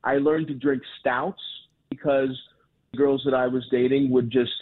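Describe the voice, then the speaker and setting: A man's voice: mid-range voice, little pitch movement, moderate pace. A man, a comedian guest chatting casually, rambling and self-deprecating with many fillers and restarts. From Baltimore. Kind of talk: casual phone interview. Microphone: phone. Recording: tinny phone line.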